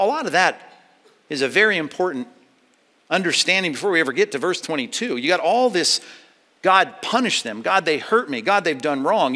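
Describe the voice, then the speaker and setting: A man preaching a sermon as pastor, moving between loud emphatic passages and hushed, low ones. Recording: long hall reverb.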